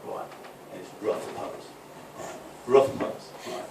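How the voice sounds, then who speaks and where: A man doing a live stand-up set, rambling and conversational with lots of "right?" asides. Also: slow. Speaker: stand-up comedian. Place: football club function room, live audience. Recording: echoey room from far off, noisy.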